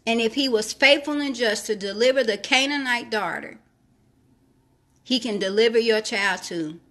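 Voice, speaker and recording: A woman's pushed, bright voice sits on the high side and keeps a normal speed. In a devotional sermon, she reads scripture aloud, comments on it, and presses listeners to trust God through repeated phrases.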